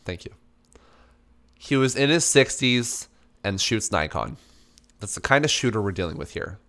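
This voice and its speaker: Animated man telling a story. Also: moderate pace. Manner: animated, swearing, acts out dialogue in a higher voice. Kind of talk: casual storytelling.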